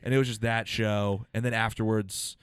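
A man's voice: fairly low pitch, level tone, normal speed, a bit bright. A man hosting a podcast, a stand-up comedian telling rambling road stories with casual swearing. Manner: rambling storyteller, swears freely.

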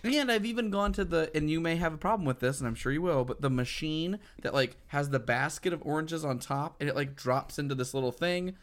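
A mid-pitched, chatty co-host who spins everyday stories with rising excitement and plenty of "like" fillers. The delivery is loose and unscripted. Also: a little fast, few pauses. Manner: animated storyteller, heavy use of "like". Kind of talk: casual chat.

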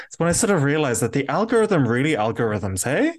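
A man co-hosting a podcast, telling stories in a campy, animated way and acting out quotes. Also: mid-range voice, fast. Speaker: podcast co-host. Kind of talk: casual chat.

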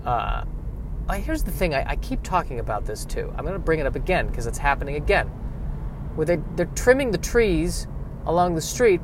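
A man with a somewhat high voice hosts a solo show from his car, drifting from topic to topic with wry, self-deprecating humor. Faint traffic noise sits behind him. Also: expressive, quick pace. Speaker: podcast host. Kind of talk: solo rambling monologue. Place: in a car by a street.

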